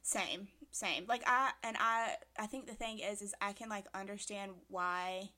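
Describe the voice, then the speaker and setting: Co-hosting a podcast, this late-twenties woman keeps the talk casual, peppered with fillers and relaxed cursing. She has a mid-range, pushed, bright voice with a steady tone and measured pace.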